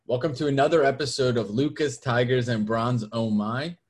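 Husky-voiced male podcast host. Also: medium pitch, fairly even intonation, normal speed, soft background music. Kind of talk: casual chat.

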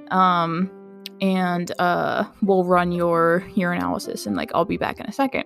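A woman's voice: fairly low pitch, expressive, normal speed, fairly bright tone, soft background music. A young woman who works in a medical clinic tells a casual personal anecdote, chatty and incredulous, saying "like" often and laughing through it.

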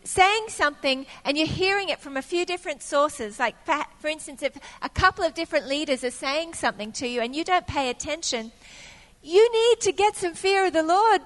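A woman's voice: very high-pitched, a bit bright, big-room sound. A woman preaching a sermon, telling a personal story and acting out what her younger self said.

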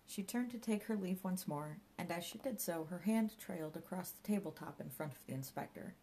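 A woman narrating an audiobook in a measured storytelling manner. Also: on the low side, lively intonation, mellow, a little hiss or hum, rough recording.

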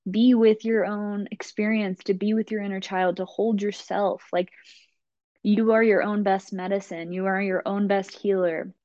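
A woman podcast host speaking in a calm, reflective, affirming way. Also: mid-range voice, dry recording, muffled recording. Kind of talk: casual podcast conversation.

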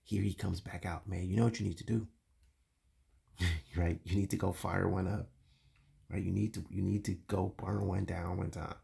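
Gravelly, husky man talking faith. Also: sits low, level tone, normal speed, pauses often, dark tone. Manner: casual and confessional, with many fillers and street slang. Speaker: podcast host. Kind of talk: candid faith talk for men.

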